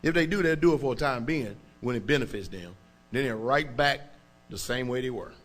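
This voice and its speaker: Delivering a sermon fairly quickly, a man with a mid-range voice preaches emphatically in casual, everyday speech. He frequently checks in with the congregation.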